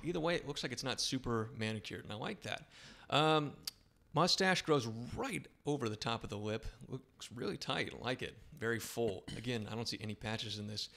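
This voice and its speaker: A man's voice: mid-range voice, brisk, gravelly, a bit bright. A man hosting a live-stream podcast, describing a viewer's beard in easygoing, descriptive chat with plenty of filler words. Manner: easygoing, descriptive, lots of 'um' and 'okay'. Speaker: show host, style consultant.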